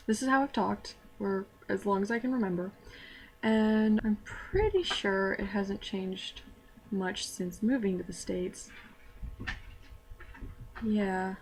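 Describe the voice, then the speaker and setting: A woman's voice: medium pitch, darkish tone, a little hiss or hum. A young woman, telling a self-deprecating story to camera in casual vlog style. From Canada. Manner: chatty, self-deprecating, quick asides. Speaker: vlogger.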